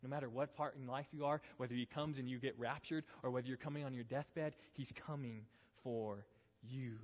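A man's voice: mid-range voice, darkish tone. A man preaching a sermon as pastor, emphatic, with repeated phrases and rhetorical questions. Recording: dull sound with long reverb in a hall.

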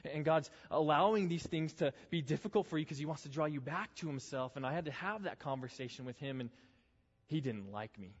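A man's voice: a little high, expressive, brisk, breathy edge. Earnest man preaching in an echoey hall. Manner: earnest, builds intensity in repeated phrases then drops soft. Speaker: youth pastor. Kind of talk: sermon. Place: church hall. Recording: echoey hall, dull lo-fi sound.

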